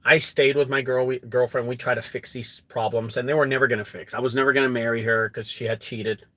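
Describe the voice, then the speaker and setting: A young adult man who runs a junk removal business, telling a story to camera in an animated way and acting out quotes. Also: brisk, dry recording. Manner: animated, acts out quotes with rising pitch.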